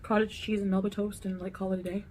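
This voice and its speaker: A woman talks casually while eating on camera, chatty and relaxed, breaking off between bites. Her voice sits at a middling pitch, and a faint hiss runs underneath. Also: fast. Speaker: mukbang video creator.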